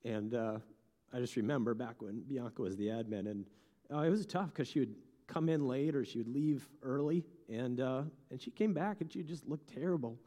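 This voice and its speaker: A man, a pastor, interviewing a church staff member in a conversational, halting way with repeated words. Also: mid-range voice, warm tone, big-room sound. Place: church room.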